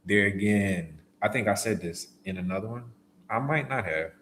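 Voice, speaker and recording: A man's voice: fairly low pitch, fairly bright tone, a little hiss or hum. A man in casual livestream chat, laid-back and slangy, answering viewers' questions as a delivery driver. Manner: laid-back, slangy, acts out phone calls.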